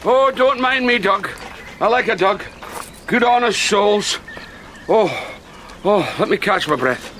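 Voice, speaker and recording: A man's voice: extremely high pitch, a little slow, pushed and bright, slight background noise, full character voice. An actor with a Scottish accent playing a vain older male wandering poet who talks in a grand, theatrical way. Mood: jovial. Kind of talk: film drama acting.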